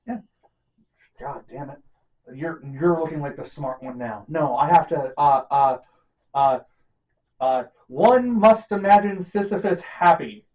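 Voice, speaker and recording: A man's voice: on the high side, measured pace, a little mellow, no echo, highs cut off. A man hosting a podcast in casual chat, rambling with many fillers and self-mocking jokes. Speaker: podcast host.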